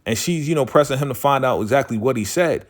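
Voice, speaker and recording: A man giving a casual recap of a TV episode, animated and slangy, full of "you know" and "like". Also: mid-range voice, fast. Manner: animated, slangy storytelling, acts out quoted lines; frequent "you know" and "like" fillers.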